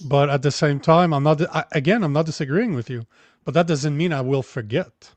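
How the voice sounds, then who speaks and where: Blunt higher-voiced male host. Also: brisk, dry recording. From Canada. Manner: blunt, argues with hypothetical examples. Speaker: podcast host. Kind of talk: casual chat.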